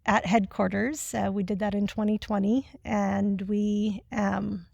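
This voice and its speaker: A woman on the member care team, answering interview questions in a thoughtful, measured way with frequent pauses. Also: medium pitch, flat delivery, gravelly, darkish tone, dry recording, dull audio. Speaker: missionary, member care staff.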